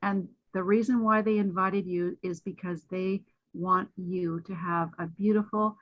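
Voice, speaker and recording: A woman from Canada speaking as a guest on a webinar, an excitable, chatty storyteller who acts out the voices of people she quotes. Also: fairly low pitch, measured pace, no echo. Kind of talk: enthusiastic testimonial on a video call. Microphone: video call. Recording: muffled video call audio.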